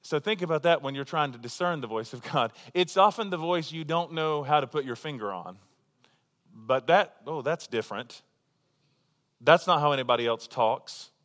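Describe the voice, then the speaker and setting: A male pastor delivers a sermon in a chatty, humorous manner, tossing rhetorical questions to his listeners. His voice sits a little high for a man. A long reverb trails each phrase, as in a large church hall. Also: lively intonation, normal speed, fairly bright tone. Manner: conversational, joking, full of rhetorical questions.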